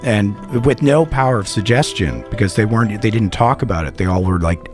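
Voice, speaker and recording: A man co-hosting a comedy podcast, telling a story in a rambling, animated way and swearing a lot. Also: lowish voice, fairly quick, over music. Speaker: podcast co-host.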